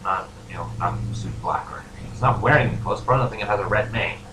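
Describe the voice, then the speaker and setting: A game master with a lowish voice runs a tabletop role-playing game, narrating quickly and casually with rambling fillers. He's in an echoey room with faint noise.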